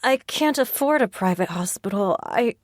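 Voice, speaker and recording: A woman's voice: medium pitch, animated, moderate pace, no echo, clean studio sound, close to an everyday voice. A woman playing a hurt, tearful young woman. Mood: tearful, pleading.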